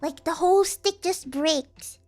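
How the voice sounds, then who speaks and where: A woman's voice: extremely high pitch, unhurried, a little mellow, faint music behind. A young woman streaming casually, rambling and giggling, acting out the people she quotes. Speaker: vtuber streamer.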